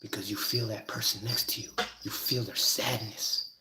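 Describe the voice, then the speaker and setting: A man teaching about spiritual ideas in a casual, rambling monologue, swearing freely, restarting sentences, and getting loud and excited when he makes a point. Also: lowish voice, normal speed. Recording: echoey, with bird and cricket noise.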